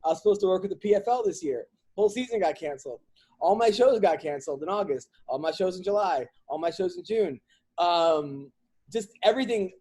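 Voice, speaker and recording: A man hosting a podcast, a comedian talking in a casual chat and venting in an animated, rambling comic way with lots of restarts. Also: sits high, slightly rough.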